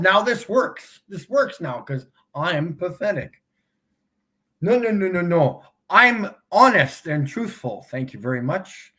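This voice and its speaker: A man hosting a live stream, taunting his chat in a mocking tone and laughing often. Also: mid-range voice. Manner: slow, drawn-out delivery with big swings in loudness. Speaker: livestream host.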